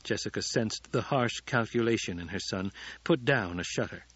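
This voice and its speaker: A man doing measured, dramatic audiobook narration. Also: on the low side, a bit bright, husky, no echo. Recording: dull, dry studio audiobook.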